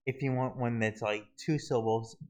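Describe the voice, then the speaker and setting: A man walking viewers through a website search tool in a halting, casual screen-recorded tutorial, often restarting his sentences. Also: medium pitch, fairly even intonation, poor audio. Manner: halting, many restarts and fillers. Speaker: video tutorial host.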